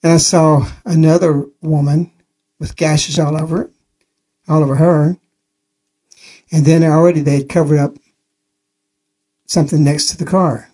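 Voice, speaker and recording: Husky, mellow-voiced man telling a story. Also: a little high, little pitch movement, measured pace, pauses often. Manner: earnest, plain-spoken storytelling with repetition. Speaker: religious radio speaker. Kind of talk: spoken testimony on a radio program.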